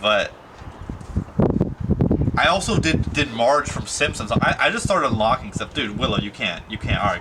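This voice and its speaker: A man's voice: medium pitch, moderate pace, long pauses. A young man chatting casually to his camera, rambling with lots of fillers and slang. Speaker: vlogger. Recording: steady background noise.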